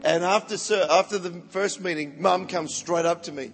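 This preacher speaks at a moderate pace in a high voice with some vocal fry. He's an evangelist spinning animated sermon stories and frequently restarts, repeating words as he goes, in an echoing hall where music plays faintly.

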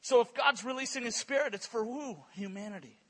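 A male preacher with a very high, bright voice that has a husky edge. He tells stories at a church service in a lively way, stumbling over repeated words as he builds momentum. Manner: animated, repeats words in quick bursts. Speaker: guest preacher. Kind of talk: sermon with storytelling.

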